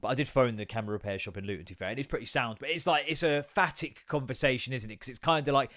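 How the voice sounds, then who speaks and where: A man in his thirties hosting a solo comedy podcast, ranting with lots of swearing, innuendo and quick mock voices. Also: mid-range voice, fairly bright tone. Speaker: podcast host.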